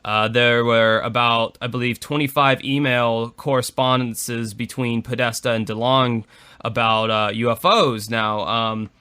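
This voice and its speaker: A man's voice: mid-range voice, steady tone, measured pace, pushed and bright, clear, resonant tone. A man co-hosting a podcast in casual chat, rambling with many fillers. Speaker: podcast co-host.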